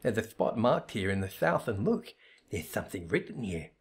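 A man's voice: fairly low pitch, sing-song, normal speed, slightly rough, exaggerated voice. A man voicing a bubbly, trigger-happy young female assistant in a perky, eager, raised voice for a fantasy game read-through. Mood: cheery.

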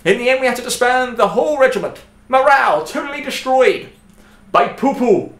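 Man doing a loud pompous old general, bouncy pitch, echoey room. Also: lively intonation, fairly quick, full character voice. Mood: blustering. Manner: booming, blustering. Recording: roomy echo.

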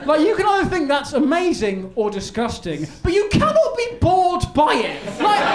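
A man's voice: very high voice, wildly swooping pitch, measured pace, over a noisy crowd. A man doing live stand-up, telling a rambling story with stammers and restarts. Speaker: stand-up comedian. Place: live comedy venue. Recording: echoey live room with noise.

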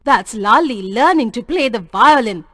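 A woman's voice: a little high, animated, measured pace, a bit bright, dry recording, studio quality. Woman doing a stern young boy. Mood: grumbling. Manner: stern and blunt. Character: bossy practical young boy.

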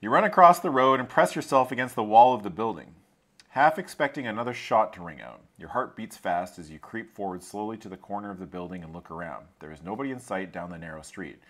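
A man reading a choose-your-path gamebook aloud and joking with friends, animated and laughing, with some swearing. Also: on the low side, quick pace.

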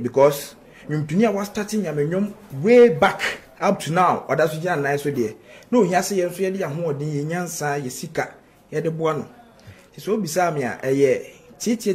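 A man with a Ghanaian accent, a gospel singer's manager, answering interview questions earnestly and mixing Twi and English. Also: on the high side.

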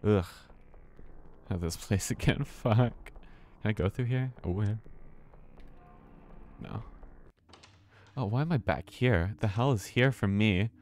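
A man's voice: on the low side, slow, pauses often, darkish tone, slight background noise. A man streaming a horror game, talking to himself with nervous laughs and swearing. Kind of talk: casual let's-play commentary.

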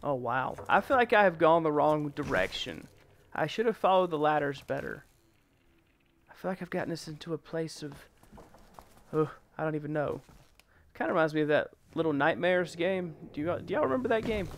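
A man hosting a first-time gameplay video, jumpy and excitable, yelping, laughing and taunting the enemies on screen. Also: fairly high pitch, normal speed. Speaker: gaming channel host.

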